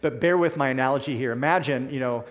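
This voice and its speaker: A man preaching a sermon in a deliberate, emphatic way, slowing down to stress key words. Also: medium pitch.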